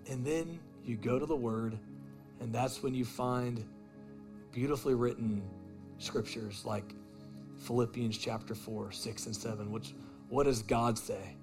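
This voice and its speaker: A man preaching a sermon as pastor, swinging between loud emphatic lines and quiet intimate asides, telling stories in a casual way. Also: medium pitch, steady tone, measured pace, over music. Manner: casual storytelling with "man" and "dude".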